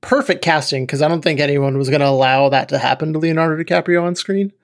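A podcast co-host in loose comedic chat, circling around questions with plenty of "like"s, mid-range voice, relaxed and talkative among friends. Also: medium pitch, fast. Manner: rambling, lots of fillers. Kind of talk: casual comedic chat about movies.

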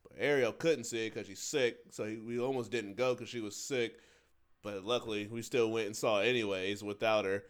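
A man's voice: fairly low pitch, steady tone, fairly quick, smooth. A man co-hosting a casual chat about movie ratings, laid-back and slangy, laughing often. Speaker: podcast co-host.

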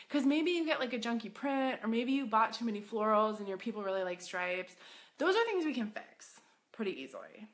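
Female host, upbeat retail coach; bright forceful tone, chatty, quick to laugh. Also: mid-range voice. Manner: excitable, chatty, laughs often, acts out yelps. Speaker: podcast host and boutique business coach. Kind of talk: energetic coaching talk.

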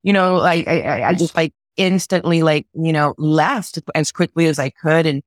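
A woman's voice: low-pitched, no room sound. Woman from socal telling her story, stumbles and repeats words, dry sound. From Southern California. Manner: earnest, halting, repeats words when moved. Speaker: guest, orchestra conductor. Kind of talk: personal storytelling in an interview.

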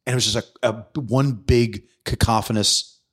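Animated, swearing male podcast host. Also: mid-range voice, normal speed, husky. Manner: animated storyteller who acts out quoted voices, swears freely. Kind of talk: casual podcast conversation.

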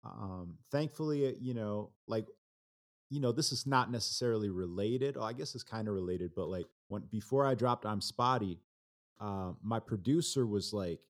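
A man's voice: fairly low pitch, normal speed. Laid-back man musing as a podcast guest. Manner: relaxed, hesitant, many fillers and restarts. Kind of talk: casual podcast chat.

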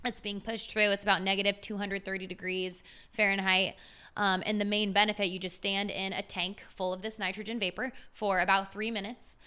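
Here a woman in her twenties, a fitness trainer, talks casually on a podcast with a medium-pitched, smooth voice that has a sharp tone. Her delivery is flat and brisk, yet she's enthusiastic, slangy, and full of fillers like "like."

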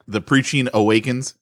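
A man's voice: medium pitch, no room sound, clean studio sound. A man co-hosting a podcast, chatting in a laid-back way with joking banter. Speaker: podcast co-host. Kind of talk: casual chat.

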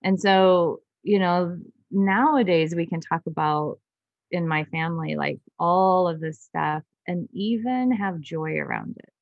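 A woman's voice: on the low side, measured pace, vocal fry, no room sound, highs cut off. A woman guest on an interview podcast, telling a personal story in an earnest, emotional way, often restarting her sentences. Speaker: guest doctor.

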